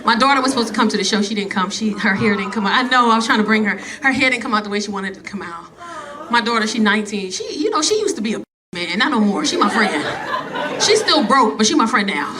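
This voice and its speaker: A woman's voice: medium pitch, lively intonation, fast talker. A woman doing a brash, profane stand-up routine on a club stage. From New York, South Bronx. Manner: brash, profane, acts out characters. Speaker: stand-up comedian. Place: comedy club stage, laughing audience. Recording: live club recording with crowd noise.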